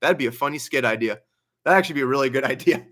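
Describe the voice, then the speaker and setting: A man's voice: medium pitch, lively intonation, rapid-fire, a bit bright. A young man hosting a casual livestream Q&A, reading donations aloud and chatting with a laugh in his stories. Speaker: livestream host.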